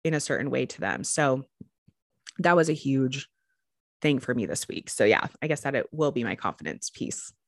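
A woman chatting casually in a relaxed way, with lots of fillers. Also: rumbling low, normal speed, no room sound, clean studio sound. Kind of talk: casual chat.

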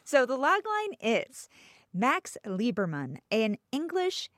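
A woman's voice: fairly high pitch, wildly swooping pitch, slow, dry recording, studio quality. Chatty laughing young woman podcaster. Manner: chatty, rambling, laughs often. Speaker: podcast co-host. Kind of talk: casual chat.

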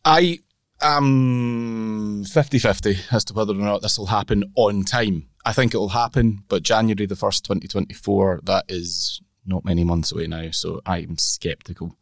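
A man's voice: fairly low pitch, no echo, studio quality. A man co-hosting a golf podcast, wry and teasing, steering the talk from one topic to the next. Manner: wry, teasing, leads the segments. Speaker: podcast co-host. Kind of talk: casual golf chat.

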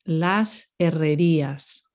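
A woman's voice: low-pitched, takes it slowly, darkish tone. Patient woman teaching pronunciation. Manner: patient, clear, explanatory. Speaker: Spanish teacher. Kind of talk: language lesson.

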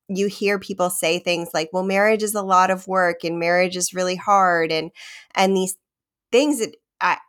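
A woman's voice: on the low side, fairly even intonation, moderate pace, fairly bright tone. A woman hosting an interview podcast, talking casually and playfully with many fillers. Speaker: podcast host.

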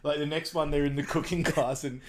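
A man's voice: fairly high pitch, steady tone, fairly quick, noisy background. A young man co-hosting a podcast, recapping a film in loose, casual chat and laughing often. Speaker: podcast co-host.

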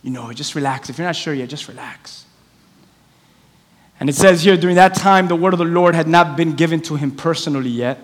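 A male pastor preaching a sermon in a church, telling stories in an animated way and acting out the voices of the people in them. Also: a little high, brisk. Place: church sanctuary. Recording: long hall reverb.

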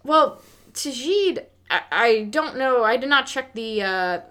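Speaking slowly in a highish, animated voice that's sharp, clear and resonant, a woman co-hosts a podcast discussing a film. The chat is casual and candid, packed with filler words and the odd curse.

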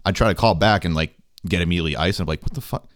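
Deep-voiced casual podcast host. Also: male voice, rapid-fire, no echo, studio quality. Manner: rambling, profane, animated storytelling.

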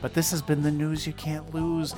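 A man's voice: a little high, completely flat delivery, normal speed, a little mellow, faint music behind. A man co-hosting a casual podcast, giving rambling, laid-back advice with plenty of fillers. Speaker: podcast co-host. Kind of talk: casual chat.

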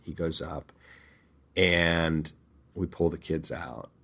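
A man's voice: extremely low pitch, steady tone, slow, fairly bright tone. A man working as a reality TV producer, telling a story candidly and earnestly, often repeating words for emphasis.

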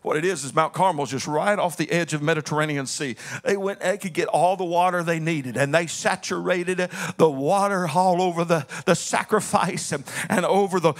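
A male pastor delivering a sermon. His preaching is dramatic, swinging between shouted peaks and low, quiet passages, and he tells the story in a folksy, playful way with calls to the congregation. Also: moderate pace, hardly any pauses.

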